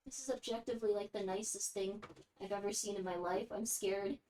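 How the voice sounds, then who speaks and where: A woman streamer chatting casually during an unboxing, gushing with excitement and often slipping into a half-whisper. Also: mid-range voice, a little fast, a little hiss or hum. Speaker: VTuber streamer.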